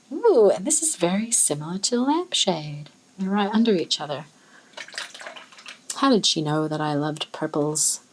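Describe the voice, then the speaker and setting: A soft-voiced Australian woman chats as she swatches inks, musing aloud and exclaiming quietly over each color. Her voice sits a little low and has a husky, breathy edge. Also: big pitch swings, slow, pauses often, rough recording. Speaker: ink swatching vlogger. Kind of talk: casual chat while swatching.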